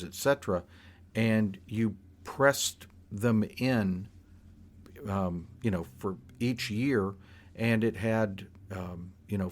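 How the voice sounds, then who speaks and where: Older man, low-pitched, casual storyteller who rambles and restarts mid-sentence. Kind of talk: personal storytelling.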